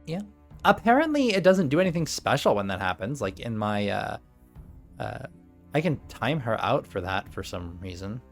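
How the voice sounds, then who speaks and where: Man, put-on Valley Girl voice, game master, sarcastic, lively sing-song delivery. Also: on the low side, moderate pace, soft background music. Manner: bubbly, sarcastic, swears casually. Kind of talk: running a live tabletop game.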